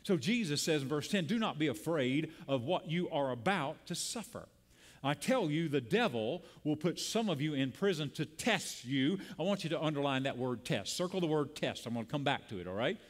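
A man's voice: a little high, expressive, moderate pace. Impassioned man preaching a sermon. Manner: preaching with call-and-response and rising emphasis. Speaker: pastor. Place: church sanctuary.

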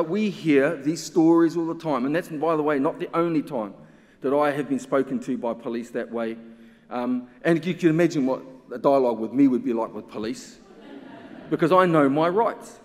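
A man's voice: fairly high pitch, normal speed, darkish tone. A man, a researcher giving an impassioned symposium talk full of pointed rhetorical questions. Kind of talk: conference talk. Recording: long hall reverb.

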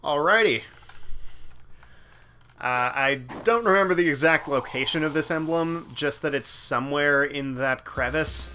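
A man's voice: on the high side, a little slow, pushed and bright, slight background noise. A man hosting a let's play, casually commenting on his gameplay with rambling, self-mocking asides. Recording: game music playing underneath. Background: game music.

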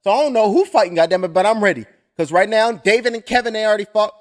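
A man's voice: sits high, expressive, quick pace. A man doing loose, profane, clowning commentary while waiting for a fight. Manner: loud, joking and profane, keeps clowning. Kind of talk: casual live-stream commentary.

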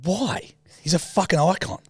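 A man's voice: high voice, normal speed, darkish tone, husky, dry recording, studio quality. A man from Australia co-hosting a comedy podcast, judging impressions in a teasing, mock-grumpy way and laughing often. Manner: teasing, mock-grumpy game judge who laughs a lot. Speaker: podcast co-host. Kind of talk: casual comedy chat.

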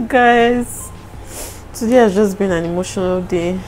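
A woman's voice: mid-range voice, a little slow, a little mellow, slight background noise, poor audio. A young Nigerian woman with a Nigerian accent talking casually to the camera in a home vlog, openly emotional and apologetic. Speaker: vlogger.

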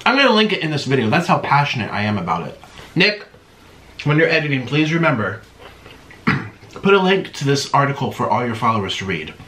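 A man's voice: mid-range voice, very animated, a little fast, long pauses, pushed and bright. Chatty man talking between bites. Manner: chatty, eating between sentences, mouth-full humming. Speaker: mukbang vlogger. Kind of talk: casual chat while eating.

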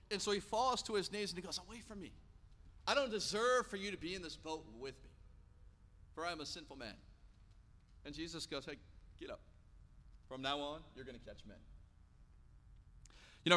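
A man in his thirties preaching a sermon in church, telling stories and acting out the quotes with lively energy. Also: fairly high pitch. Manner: animated storytelling, acting out quotes. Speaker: pastor. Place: church sanctuary. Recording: long church hall reverb.

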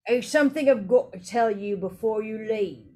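An earnest, worried wizard father, read by a woman presses his point in a lowered, hurried voice. He stays kindly and serious the whole time, and his tone sits a little high and light. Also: natural voice. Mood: urgent. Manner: earnest, urgent and hushed. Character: anxious kindly middle-aged wizard father.

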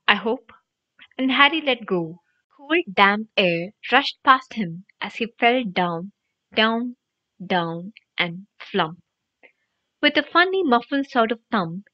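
A woman reading a storybook audiobook aloud in an animated, expressive narration. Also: on the high side, slow pace. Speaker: audiobook reader. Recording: dry, dull lo-fi audio.

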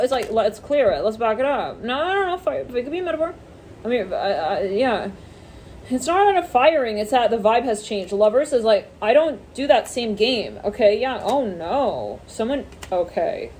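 A woman's voice: on the high side, big pitch swings, normal speed, darkish tone, a little hiss or hum. A woman giving a casual tarot reading, rambling with many fillers and swearing offhandedly. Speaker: tarot reader.

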